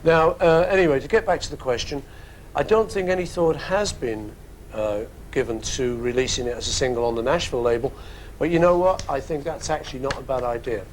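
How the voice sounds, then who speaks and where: Brisk and mid-range, this studio music-show host's voice carries a little hiss or hum. Fielding listener questions in casual chat, he wanders off on jokey tangents and playful asides.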